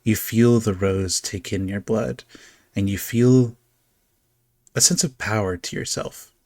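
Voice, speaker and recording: A man's voice: lowish voice, fairly even intonation, takes it slowly, a little mellow, no room sound, studio quality. A man narrating as game master of a tabletop game, describing scenes in a storytelling way with casual fillers.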